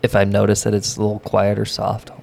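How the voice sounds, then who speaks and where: A soft-spoken man co-hosting a podcast in casual chat, mumbling and trailing off his sentences. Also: fairly low pitch, completely flat delivery, quick pace, gravelly, background noise. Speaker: podcast co-host.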